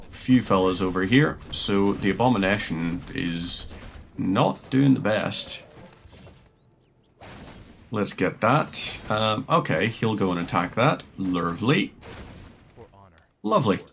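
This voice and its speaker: A man's voice: lowish voice, lively intonation, slow, vocal fry, pauses often, fairly bright tone, slight background noise. A man streaming a strategy game, rambling chattily and musing aloud as he plays. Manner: rambling, chatty, muses aloud while playing. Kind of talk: casual gameplay commentary.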